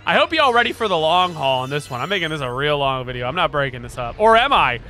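A young man commenting on a video game as he plays, excitable and prone to loud, swearing outbursts. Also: a little high, quick pace. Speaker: gaming streamer. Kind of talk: let's play commentary. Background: game music.

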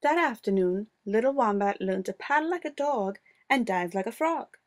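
A woman narrating a children's storybook with a voice that sits a little high and swings up and down. She reads in a playful, expressive way. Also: moderate pace. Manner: expressive, playful read-aloud delivery. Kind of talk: storybook read-aloud.

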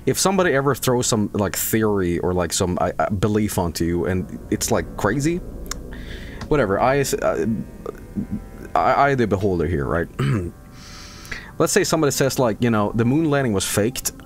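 A man's voice: fairly low pitch, big pitch swings, moderate pace, a little hiss or hum. A man streaming a game, chatting casually as he plays, rambling and joking, swearing often. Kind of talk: casual live-stream commentary.

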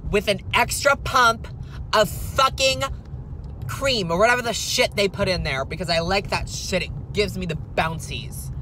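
A spoiled, entitled rich young woman, played by a man, vents in a whiny valley-girl drawl, packing every sentence with "like" and curses. The voice sits a little high and comes across sharp and bright. It is a comedic parody vlog recorded inside a car. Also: a little hiss or hum.

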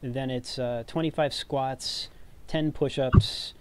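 A man chatting casually before a tabletop game, teasing and animated, with quick asides on a video call. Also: medium pitch, smooth, rough recording. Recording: loud noise on a video call.

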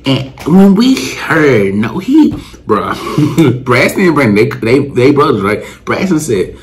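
A young man spins a casual storytime, cussing and tossing in slang as he goes. His voice swings high and low when he plays his friends. A faint hiss of noise sits under the talk. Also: slow pace. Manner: animated, acts out friends' lines with pitch jumps; rambling with slang and profanity. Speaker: vlogger.

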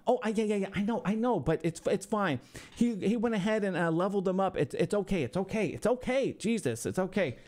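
A man's voice: high voice, lively intonation, a little fast, darkish tone. A man streaming a mock-insulting review of a viewer's game roster, ranting profanely and sarcastically in exasperation. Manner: sarcastic, talks back to imagined hecklers. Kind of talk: mock-insulting livestream commentary.

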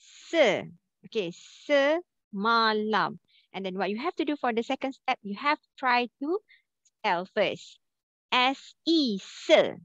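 A woman's voice: fairly high pitch, lively intonation, unhurried, fairly bright tone, no room sound. A woman teaching a language class online, patiently repeating questions and spelling out syllables. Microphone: video call. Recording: dull lo-fi call audio.

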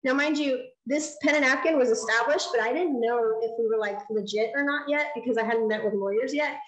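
A woman with a fairly high voice tells a story from a lecture stage. She speaks in an animated way and acts out each line of dialogue. The sound carries the echo of a large room. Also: a little fast. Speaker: nonprofit founder giving a design lecture. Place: lecture hall.

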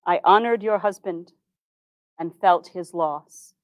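Brief: woman doing a gentle, teasing older 1860s president, lowered and soft. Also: slow, no echo, dull audio. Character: kindly wry 1860s male president, older.

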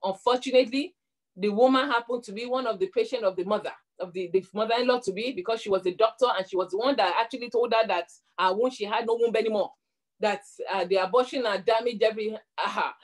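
A woman's voice: on the high side, fast talker. Earnest woman preaching. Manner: earnest, repeats words while building points. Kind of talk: sermon with storytelling and prayer.

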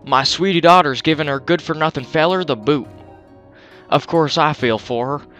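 A man on a headset mic voicing a gruff, smug middle-aged father with a put-on American Southern drawl, folksy and drawling. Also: a little high, moderate pace, a bit bright, soft background music, natural voice.

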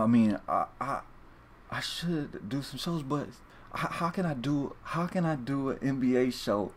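A man talks loosely and profanely to his viewers. He rambles, repeats himself and starts over mid-sentence, with an ordinary mid-range pitch. A faint background noise sits under the recording. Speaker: fantasy sports video host. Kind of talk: casual monologue to viewers.

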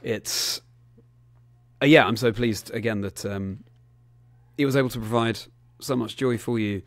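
A man hosting a podcast interview in a measured, supportive way. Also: medium pitch, no echo. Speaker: podcast host. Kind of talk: casual interview chat.

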